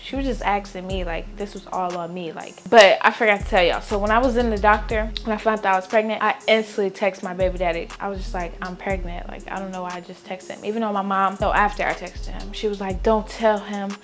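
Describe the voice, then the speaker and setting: A young woman telling a casual storytime vlog, chatty and animated, full of "like" fillers and acted-out quotes. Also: mid-range voice, quick pace, hardly any pauses, soft background music. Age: young adult. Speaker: vlogger.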